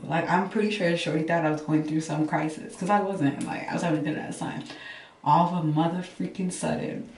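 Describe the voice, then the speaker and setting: A woman casually telling a storytime, animated and swearing freely, acting out what others said. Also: deep voice, vocal fry, echoey room, far from the mic.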